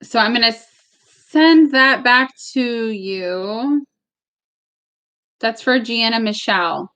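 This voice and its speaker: A woman with a fairly high voice reads tarot cards on a live stream from home. She talks in a loose, chatty way, gets emotional at times, and swears now and then. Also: slow pace, a bit bright. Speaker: tarot reader. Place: home with barking dogs.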